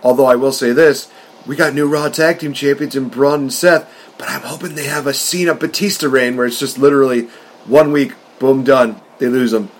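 Man, podcast co-host, casual chat, mid-pitched voice, excitable fan energy. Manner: excitable, fast-talking fan rants.

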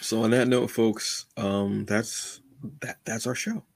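Husky man hosting a podcast, dry sound. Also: fairly low pitch, slow, dry recording. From United States. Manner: animated, says "brother" often, acts out quotes. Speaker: podcast co-host. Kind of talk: casual podcast chat.

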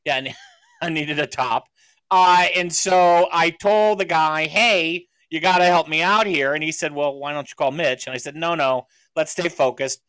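A man's voice: a little high, moderate pace, fairly bright tone, smooth, no room sound. A man hosting a podcast in casual chat, rambling through stories and laughing often. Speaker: podcast host.

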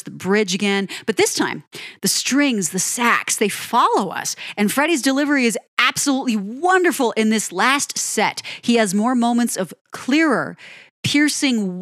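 A woman giving an admiring, unhurried commentary on a pop ballad. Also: medium pitch, a bit bright, no echo, clean studio sound. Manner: admiring, lingers on phrases, sings lyric snippets. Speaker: music reviewer. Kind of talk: song-by-song music commentary.

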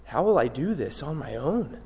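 A man preaching an expository sermon as pastor, emphatic and repeating key words with dramatic pauses. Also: mid-range voice, sing-song, darkish tone, husky, long reverb tail.

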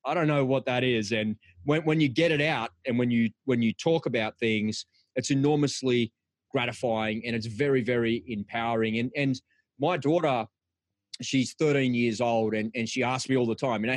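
A man's voice: medium pitch, normal speed, no room sound. A middle-aged man, hosting a podcast in an encouraging, chatty way. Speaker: podcast host. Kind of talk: casual podcast chat.

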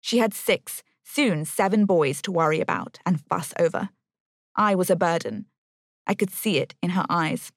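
A woman's voice: fairly low pitch, expressive, moderate pace, dry recording, clean studio sound. A woman narrating a first-person novel in a wry, bitter tone.

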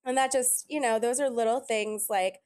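Chatty animated woman telling stories. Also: on the high side, normal speed, smooth. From Italian heritage. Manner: animated storyteller, quotes others often. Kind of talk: casual chat.

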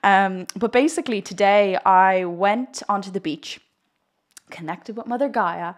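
A woman hosting a spiritual livestream, talking straight to viewers in a giddy, laughing, rambling way. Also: fairly low pitch. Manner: talks to viewers directly. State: one eye watering. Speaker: spiritual coach hosting a live video. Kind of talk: casual spiritual vlog on a livestream.

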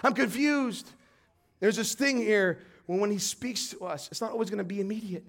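A man preaching a sermon, animated and storytelling, swinging from quiet reading to shouted emphasis. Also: high voice, fairly quick.

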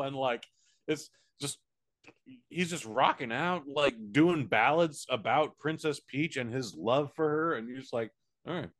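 An American man co-hosting a podcast, reviewing a movie in casual, profane chat with quick silly voices. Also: medium pitch, fairly bright tone. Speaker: podcast co-host.

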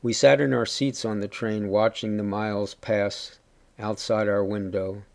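A man giving a steady, measured first-person story reading. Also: lowish voice, vocal fry. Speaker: reader.

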